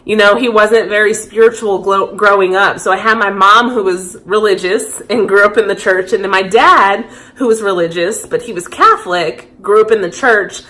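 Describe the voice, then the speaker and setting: Woman, thirties, mid-pitched; candid confessional vlogger, thoughtful and open. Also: normal speed, hardly any pauses, pushed and bright. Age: 30s. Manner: candid, reflective, heartfelt. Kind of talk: personal confessional vlog.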